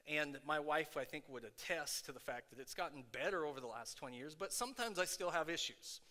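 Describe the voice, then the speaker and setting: A middle-aged man preaching a sermon in a conversational way, with many fillers, going from quiet asides to shouting. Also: a little high. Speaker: pastor. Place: worship center. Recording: long hall reverb.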